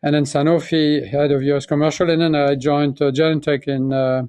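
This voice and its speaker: A man in his sixties from France with a French accent, speaking as an interview guest and telling his story in a reflective, halting way with many restarts. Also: on the high side, flat delivery, darkish tone, dry recording. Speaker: guest, pharmaceutical chief executive. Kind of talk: conversational interview.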